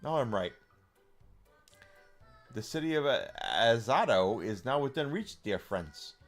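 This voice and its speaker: A man voicing a confident, smooth-talking male traveler in a fantasy game. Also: medium pitch, very animated, unhurried, faint music behind.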